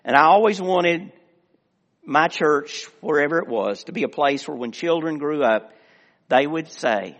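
A man's voice: fairly high pitch, moderate pace. Earnest preacher man in a reverberant hall. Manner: earnest preaching, swelling emphasis and quiet asides. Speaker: director of missions, former pastor. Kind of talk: sermon.

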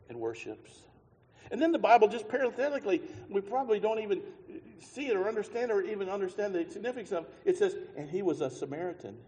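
A man preaching a sermon, moving from quiet musing to loud, shouted passages, and singing a hymn line along the way. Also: high voice. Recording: long hall reverb.

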